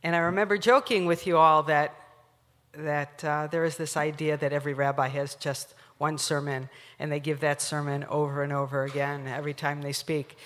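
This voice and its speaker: A woman rabbi opening her sermon in a relaxed, joking way to the congregation. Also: low voice, normal speed. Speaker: guest rabbi and scholar. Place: synagogue sanctuary. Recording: long hall reverb.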